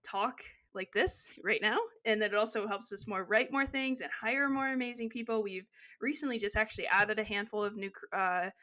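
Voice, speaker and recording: A young adult woman co-hosts a podcast in a loose, chatty way, with plenty of asides and fillers. Her voice is bright and forward at a middle pitch for a woman. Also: moderate pace. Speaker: podcast co-host. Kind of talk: casual chat.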